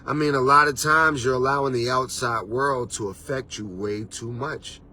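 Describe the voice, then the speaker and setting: A man's voice: mid-range voice, fairly even intonation, normal speed, pushed and bright. A man hosting a motivational talk as a life coach, preachy and casual, with street slang and repeated "you understand".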